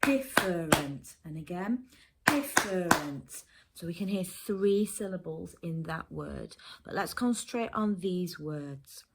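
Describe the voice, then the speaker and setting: A woman teacher from England giving a phonics lesson to young children and their parents, sounding out letters slowly and carefully. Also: lowish voice, heavy background noise. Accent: English. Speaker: primary school teacher.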